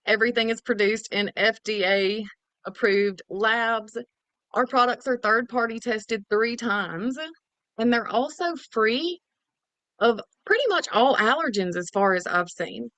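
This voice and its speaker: A woman's voice: fairly high pitch, a little slow, fairly bright tone, no room sound. A woman giving a chatty, casual product overview as a wellness promoter. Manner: chatty, salesy, casual slang.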